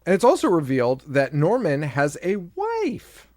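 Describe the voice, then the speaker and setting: A man's voice: on the high side, wildly swooping pitch, a little slow, a little mellow, no room sound, studio quality. A man co-hosting a horror podcast, recapping a movie in casual chat, joking, laughing often and acting out lines. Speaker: podcast co-host.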